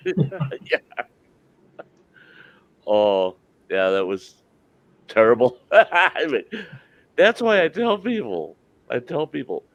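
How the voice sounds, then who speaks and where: A man's voice: fairly high pitch, gravelly, no echo. A man hosting a live stream, telling a folksy anecdote and laughing through it. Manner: laughs through his own story, drawls. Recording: dull lo-fi stream audio.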